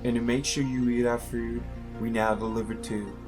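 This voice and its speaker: A man's voice: flat delivery, normal speed, over music. A man doing comedic parody ads and radio-DJ patter with an upbeat, salesy delivery. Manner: upbeat salesy pitch, loud exclamations. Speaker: mock ad presenter and radio DJ.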